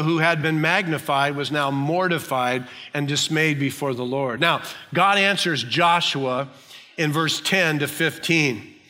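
A pastor delivering a sermon, earnest and emphatic, his fairly high voice carrying a bright, forceful edge. The sound rings with the long reverb of a large hall.

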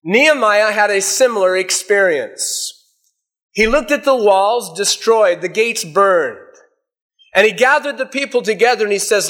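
Middle-aged male preacher with a high voice who reads scripture aloud and explains it. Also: expressive, a little slow, fairly bright tone. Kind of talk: sermon with scripture reading.

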